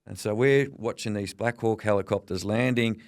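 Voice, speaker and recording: Low-voiced Australian man telling stories. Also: moderate pace, vocal fry, no echo, clean studio sound. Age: middle-aged. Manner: lively anecdotal storyteller, quotes people in character. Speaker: veteran journalist guest. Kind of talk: storytelling interview.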